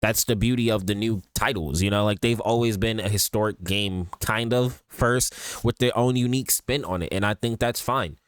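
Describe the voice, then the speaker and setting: A man chatting casually as he reacts to a game trailer, loose and slangy, with sudden excited outbursts. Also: lowish voice, moderate pace, clear, resonant tone, no echo, clean studio sound. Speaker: reaction streamer.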